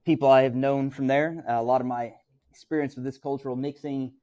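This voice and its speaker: Middle-aged male teacher from Missouri, mid-range voice, relaxed classroom lecture with "right?" check-ins. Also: mid-range voice, fairly quick.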